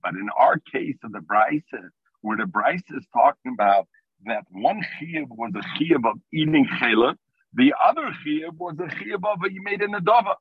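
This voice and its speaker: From behind the wheel, a man leads a Talmud lesson by phone, mixing Hebrew and Aramaic terms into his English explanation. His voice sits a little high and sounds expressive and breathy, at a moderate pace. The recording is dry, though the phone line is tinny.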